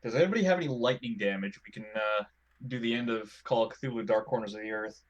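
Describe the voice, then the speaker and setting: Wry player dude, swears casually, dull muffled sound. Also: male voice, on the low side, fast talker. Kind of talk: casual tabletop game chat.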